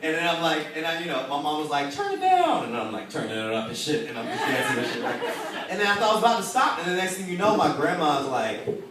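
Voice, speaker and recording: A young man performing a spoken word poem at an open mic, telling a story and then reciting in a measured rhythm, captured by a distant phone. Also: on the high side, lively intonation, a loud crowd. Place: room at an open mic night. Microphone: phone camera from the audience. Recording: echoey room, distant phone recording.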